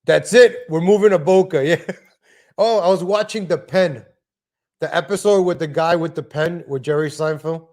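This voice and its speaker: Brief: male streamer, loose rambling monologue, somewhat high-pitched. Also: normal speed, darkish tone. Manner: rambling, frequent restarts and asides. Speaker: live stream host. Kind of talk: casual livestream rant. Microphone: home desk microphone.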